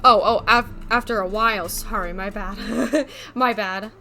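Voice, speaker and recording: Bright chatty woman, slight New England accent. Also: mid-range voice, steady tone, creaky, soft background music. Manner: rambling, filler-heavy, quick to laugh. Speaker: streamer. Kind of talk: casual live-stream chat, answering chat.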